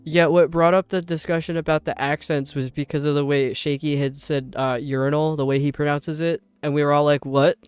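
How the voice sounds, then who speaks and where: A young man with a New York accent chatting casually with viewers while streaming, rambling and sounding out words slowly. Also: a little high, flat delivery, smooth, dry recording. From upstate New York. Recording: dry close mic with faint game music.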